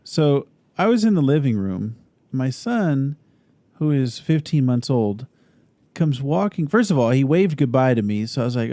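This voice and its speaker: A man with a gravelly, mellow voice co-hosts a relaxed podcast chat. He tells his stories in a steady, agreeable way. The sound is dry and close, with no room around it. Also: medium pitch, normal speed, no echo. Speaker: podcast co-host. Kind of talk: casual chat.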